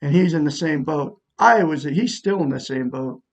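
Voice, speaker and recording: Man, middle-aged, husky, raised pitch, rambling, aggrieved monologue. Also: moderate pace, dull audio. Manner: rambling, aggrieved, with many restarts. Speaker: vlogger. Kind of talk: casual personal monologue.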